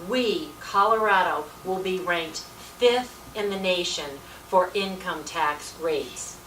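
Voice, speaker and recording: A female volunteer speaker with a low-ish, somewhat bright voice takes her time delivering an informal political presentation at a meeting. She's emphatic and folksy, repeatedly saying "let me tell you," captured by a distant mic in an echoey meeting room with faint hiss.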